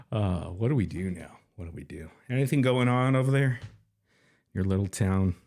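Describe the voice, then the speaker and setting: A man hosting a livestream in a casual, mocking style, sarcastic and quick to laugh, and out of breath. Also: fairly low pitch, darkish tone. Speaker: livestream commentary host.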